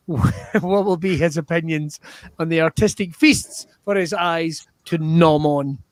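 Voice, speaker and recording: Guy hosting improv on a video call, jokey and excitable, dry close sound. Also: on the high side, moderate pace, dry recording. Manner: excitable, jokey, swears freely. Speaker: improv show host.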